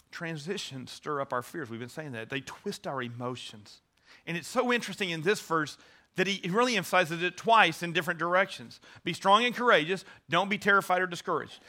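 A man's voice: on the high side, expressive, fairly quick, bright, forceful tone. A man preaching a sermon, earnest, stressing key words and often restarting his sentences. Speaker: pastor.

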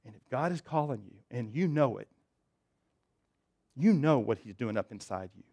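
A man preaching a sermon as pastor, swinging between loud emphatic stretches and soft, low, intimate ones. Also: expressive, normal speed, gravelly, husky.

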